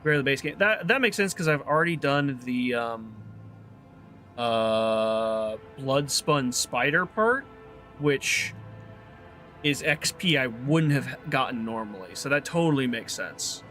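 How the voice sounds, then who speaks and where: A man's voice: medium pitch, expressive, takes it slowly, sharp tone, faint music behind. A man streaming a video game, chatting and thinking aloud as he plays. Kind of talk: casual gameplay commentary.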